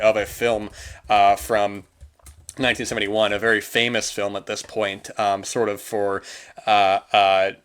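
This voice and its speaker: A man's voice: mid-range voice, a bit bright. Rambling man reviewing films. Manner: rambling, many restarts and fillers, earnest. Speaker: podcast host. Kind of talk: casual film review monologue.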